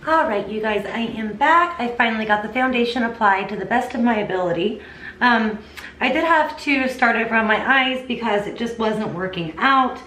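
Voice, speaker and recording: Young woman, beauty vlogger, enthusiastic, casual makeup review, slightly high voice, echoey room. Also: animated, normal speed, bright, forceful tone, recorded from a distance. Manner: chatty, enthusiastic, addresses viewers as "you guys". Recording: echoey room, voice a little off-mic, faint hiss.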